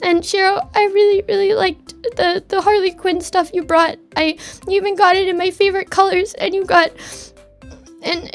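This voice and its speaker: A woman's voice: very high voice, fairly even intonation, normal speed, soft background music. A young woman streamer chatting casually from her desk at home, stammering and repeating words as she talks heartfelt. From Canada. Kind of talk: casual chat.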